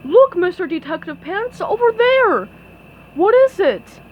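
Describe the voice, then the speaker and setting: A woman voicing a loyal, dim, excitable male starfish sidekick who blurts things out loudly. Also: very high-pitched, unhurried, dull audio, a little hiss or hum, pitched above the performer's own voice, exaggerated voice. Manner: blurting, loud.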